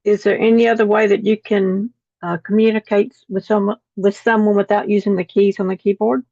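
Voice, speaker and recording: A woman's voice: medium pitch, level tone, a little fast, darkish tone, no echo. Woman teacher reading lesson text to a video call class, dull and dry audio. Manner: reads text aloud, repeating words after slips.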